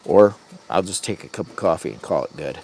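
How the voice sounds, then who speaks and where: A man's voice: low-pitched, animated, fairly quick, creaky, a little mellow, a little hiss or hum. A man casually rambling through a camping vlog, goofy and self-mocking, chatting straight to his viewers. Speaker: vlogger. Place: hot tent while camping.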